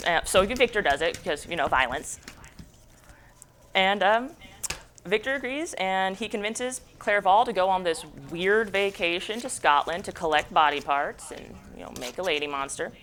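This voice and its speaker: A woman's voice: on the low side, normal speed, fairly bright tone, a little hiss or hum. A young adult woman giving a jokey, slangy, casual book summary as a book club presenter.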